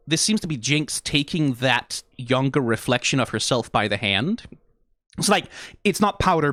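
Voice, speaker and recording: Man, reaction streamer, mid-range voice, dry close sound; analytical, excitable, swears. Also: medium pitch, no echo. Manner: analytical, swears freely, gets emotional and excitable. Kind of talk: casual video commentary.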